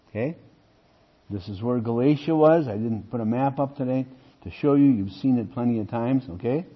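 A man's voice: mid-range voice, slightly rough. A man teaching through Bible passages, reading verses aloud with emphasis and asking rhetorical questions. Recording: muffled lo-fi recording.

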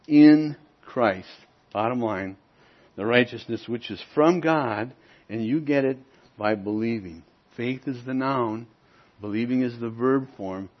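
A man delivers an emphatic sermon in a husky voice, swinging from loud, driving points to quiet asides. The recording is a little muffled and dull. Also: fairly low pitch. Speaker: pastor.

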